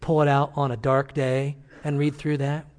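A senior pastor preaches to his congregation in a church, his medium-pitched voice flat in delivery, moderate in pace, and darkish in tone. He tells stories earnestly and urges his listeners with emphatic exhortation.

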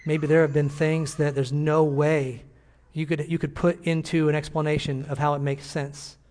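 A pastor closing a church service with a Bible verse and a gentle, earnest prayer to the congregation. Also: male voice, on the high side, flat delivery, normal speed.

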